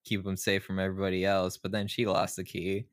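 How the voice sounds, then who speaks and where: A man co-hosting a podcast, talking casually about a movie in a lowish voice. He rambles, restarts his sentences and laughs often. The sound is dry and close, with no room echo. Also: monotone, a little fast. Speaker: podcast co-host. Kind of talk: casual film discussion.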